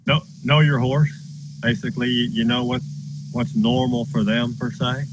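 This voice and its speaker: A man's voice: mid-range voice, flat delivery, moderate pace, a little hiss or hum, rough recording. A man who runs a horse farm, telling a story in an earnest, folksy way while outdoors. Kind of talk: casual storytelling.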